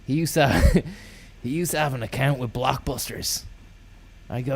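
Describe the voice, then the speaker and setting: A man, telling rambling deadpan comic stories full of swearing and trailing mumbles. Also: mid-range voice, a little slow, gravelly, slightly rough. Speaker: comedian.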